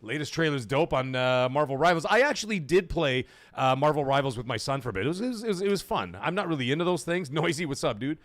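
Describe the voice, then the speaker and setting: A man's voice: a little high, lively intonation, fast talker, hardly any pauses, dry recording. Hyped middle-aged man hosting a live stream. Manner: loud, hyped, joking shout-outs to chat. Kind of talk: casual live-stream chat.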